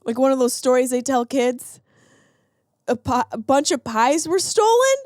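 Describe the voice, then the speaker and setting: Woman, comedy podcast host, sarcastic news riffing, bright higher voice, dry close mic. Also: very animated, moderate pace, dry recording. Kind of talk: comedic solo podcast monologue.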